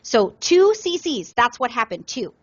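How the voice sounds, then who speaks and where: A woman co-hosts a gaming podcast, spinning an animated tale in a mid-range voice. The sound is dry and a little dull, like a home mic in a small room. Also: a little high, unhurried, dry recording. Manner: animated storyteller, acts out other players in quotes. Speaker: podcast co-host. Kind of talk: casual gaming podcast storytelling.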